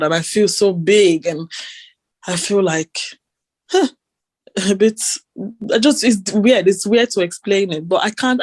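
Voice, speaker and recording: A woman's voice: medium pitch, a little mellow, dry recording. A woman co-hosting a casual chat, giggly and hesitant, often searching for her words. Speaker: podcast co-host.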